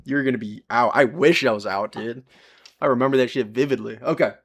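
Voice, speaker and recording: A man's voice: mid-range voice, brisk, breathy edge. A young man live-streaming as he solders at a workbench, chatting casually with his viewers, rambling, swearing and laughing at himself, often turning away from the mic while he works. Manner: talks to chat while working, often turned away from the mic. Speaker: livestreamer.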